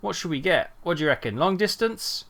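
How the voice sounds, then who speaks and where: A man's voice: fairly high pitch, very animated, brisk, creaky, sharp tone. A man streaming a truck driving game, rambling chattily and greeting viewers by name while he drives. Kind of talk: casual live-stream chat while driving.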